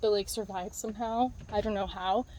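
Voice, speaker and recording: A woman's voice: mid-range voice, fairly even intonation, a little fast, darkish tone. A woman vlogging casually outdoors in her backyard, rambling and filling her speech with "like". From outside the US, moved there as a child. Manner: rambling, filler-heavy, says "like" constantly. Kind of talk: casual vlog chat.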